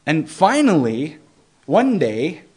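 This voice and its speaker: A young man giving an informal Bible teaching, earnest and conversational, often restarting phrases and slowing down to stress scripture. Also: on the high side, huge pitch swings, slightly rough. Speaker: preacher.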